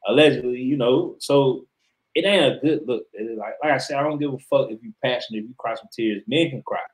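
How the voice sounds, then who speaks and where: A man's voice: mid-range voice, fairly quick, rough recording. Emphatic, profane man on a sports podcast. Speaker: podcast co-host. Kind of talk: casual sports chat.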